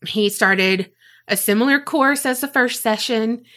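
A woman co-hosting a podcast, telling a story in casual chat, animated and swearing freely. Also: fairly high pitch, measured pace. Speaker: podcast co-host.

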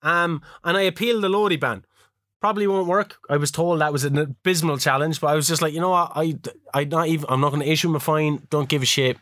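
A man co-hosting a casual chat, his voice bright and a touch high. He tells stories with animated energy, swearing freely and laughing often. The sound is dry and close to the mic. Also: fast talker, no room sound. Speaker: podcast co-host.

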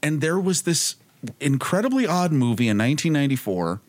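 Animated male podcast host. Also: a little high. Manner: animated, halting with ums. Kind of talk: casual chat.

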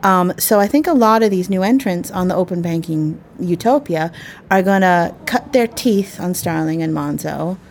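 A woman's voice: lowish voice, lively intonation, moderate pace, a little mellow, a little hiss or hum. Emphatic woman in her forties. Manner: emphatic, opinionated. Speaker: panel guest. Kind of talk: casual panel discussion.

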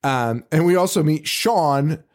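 A man's voice: fairly high pitch, measured pace. A man co-hosting a horror movie podcast, chatting casually and telling stories with lots of laughs and restarts. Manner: animated storyteller, frequent laughs and restarts. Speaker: podcast co-host. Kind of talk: casual chat.

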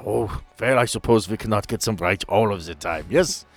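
Soft background music plays as a man with a lowish voice, speaking at normal speed, portrays a genial older doctor. The character is thin, German-accented, courtly and curious, and tends to close remarks with a questioning "yes?".

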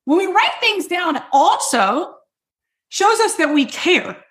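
A woman sales coach teaching in a loud, hypey, energetic way, talking straight to her listeners and checking they follow. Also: very high-pitched. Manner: quick, emphatic, addresses listeners directly.

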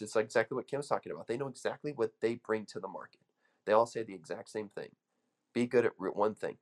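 A man coaching an audience with an emphatic, storytelling motivational speech, full of restarts. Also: on the low side. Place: room with an audience.

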